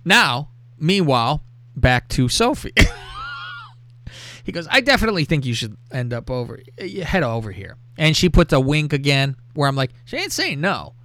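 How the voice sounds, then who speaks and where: A man hosting a casual show, telling a crude story in a lively, profane way and reading out text messages. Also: medium pitch, normal speed, no echo. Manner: animated, profane, reads out texts with laughter. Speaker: podcast host.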